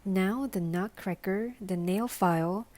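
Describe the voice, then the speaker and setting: Slow, careful woman reading a bedtime story. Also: mid-range voice. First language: Korean. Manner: calm, careful, soft, at times whispered. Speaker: storybook reader.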